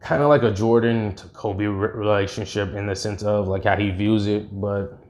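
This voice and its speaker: A man's voice: fairly low pitch, fairly even intonation, normal speed, a little mellow. Rambling man retelling a fan story. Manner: rambling, lots of fillers and restarts.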